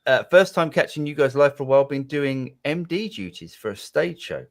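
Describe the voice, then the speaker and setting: Guy co-hosting, bouncy pitch, reading out chat comments. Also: animated, brisk, gravelly. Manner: chatty, reads out viewer comments. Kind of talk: casual live podcast chat.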